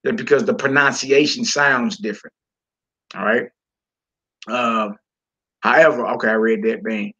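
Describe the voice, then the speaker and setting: A man's voice: medium pitch, steady tone, unhurried, long pauses, bright, forceful tone, dull audio. A man teaching a class from a Hebrew textbook, reading passages aloud and explaining them with casual, folksy asides to the listeners.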